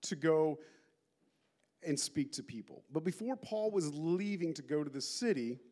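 A male pastor giving a conversational sermon, telling stories with lots of animated asides. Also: a little high, unhurried. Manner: animated storytelling with many asides.

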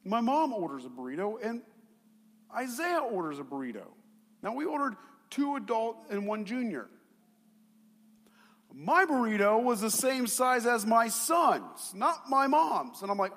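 A middle-aged male pastor preaching a sermon, telling a personal story in an animated way, with quiet asides that build to shouts. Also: high voice, measured pace. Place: church sanctuary. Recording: long hall reverb.

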